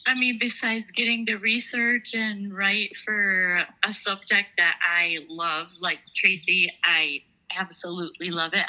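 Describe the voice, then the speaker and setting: A woman who researches and writes for a podcast, speaking sincerely and measured in casual chat. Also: mid-range voice, bright, forceful tone, poor audio.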